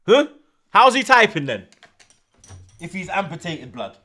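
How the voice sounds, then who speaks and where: A young man, reacting loudly to a live football match and chatting to his stream's viewers, swearing and laughing often in heavy slang. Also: sits high, very animated, measured pace. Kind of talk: live watchalong commentary and chat.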